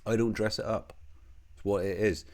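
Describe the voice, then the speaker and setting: A man's voice: on the low side, steady tone, moderate pace, darkish tone. A man giving a profane, rambling video commentary, with a sardonic edge and a mock accent put on. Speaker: online commentator.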